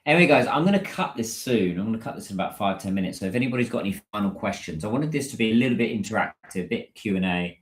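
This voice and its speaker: A British man with a low voice hosts a casual livestream, chatting with his viewers and answering their comments as they come in. His voice carries a roomy echo. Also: animated, racing, few pauses. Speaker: livestream host.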